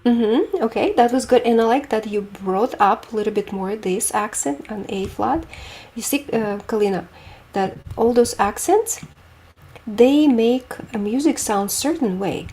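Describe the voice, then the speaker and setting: A woman's voice: fairly high pitch, animated, unhurried, dark tone. A woman teaching a group piano lesson, explaining technique with images and asking students questions.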